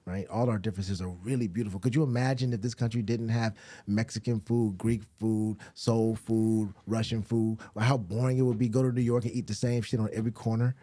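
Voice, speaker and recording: Southern male guest, mellow dark voice, dry close sound, animated rambling talker with a salty mouth. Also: brisk, no echo. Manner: animated, rambling, swears freely, jumps into high laughing asides. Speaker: actor and director, podcast guest. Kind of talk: casual conversational interview.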